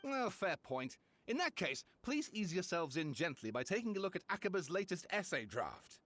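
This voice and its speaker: A theatrical, excitable writer. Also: male voice, high-pitched, normal speed, a little hiss or hum. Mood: eager. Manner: theatrical, excitable, dramatic build-ups. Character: eager male scholar-writer, theatrical and chatty.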